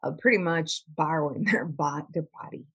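A woman with a lowish, husky voice is a guest on an interview, a practitioner in trauma recovery. She speaks earnestly and plainly at a moderate pace, often repeating words while searching for the right phrase.

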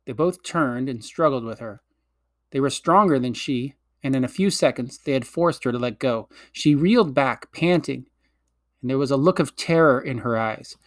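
A man narrating a children's fantasy story in a gentle, measured storytelling manner. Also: medium pitch, no room sound, clean studio sound. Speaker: audiobook reader.

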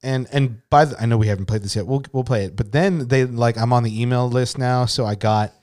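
Rambling casual man, mid-pitched. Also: brisk, a little mellow. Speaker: podcast co-host. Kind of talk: casual chat.

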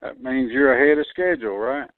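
A man's voice: medium pitch, brisk, no room sound. A puzzled, laconic man answering a prank call, giving short replies and asking who is calling. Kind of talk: phone conversation. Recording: tinny phone line.

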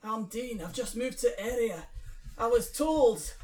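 A woman's voice: fairly high pitch, lively intonation, measured pace, darkish tone, roomy sound, recorded from a distance. A woman with a northern English accent voicing Dean, a polite, awkward Scottish man joining a reenactment group, with a shaky put-on Scottish accent in a comedy sketch. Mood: earnest.

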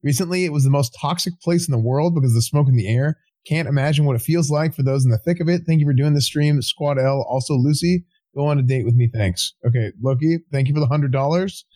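Man, slightly high voice, easygoing co-host, reads out donations. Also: fast talker, few pauses, mellow. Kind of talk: casual livestream chat.

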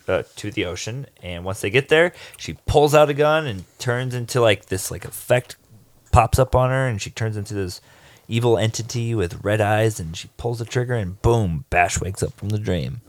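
Deep voiced podcast host guy recapping a movie, joking around, dry mic. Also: normal speed, no room sound. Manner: recaps the plot, loose and joking. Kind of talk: casual podcast chat.

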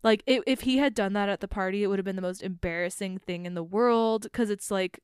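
A woman's voice: medium pitch, fairly quick, clear, resonant tone, no echo, studio quality. A woman chatting about a TV show in an earnest, rambling way, full of "like". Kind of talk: casual chat about a TV show.

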